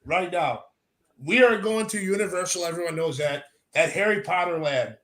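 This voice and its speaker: An American man hosting a casual podcast chat, telling loud stories full of swearing. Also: high-pitched, normal speed. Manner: swears a lot, loud storytelling.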